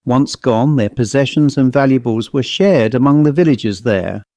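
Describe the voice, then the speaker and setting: A man's voice: mid-range voice, normal speed, dark tone, no room sound, natural voice. Man voicing a proud provincial English bobby in an audiobook, polite and probing; dry, close sound. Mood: uneasy. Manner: polite, inquisitive, increasingly uneasy. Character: rotund mid-thirties village police constable, proud.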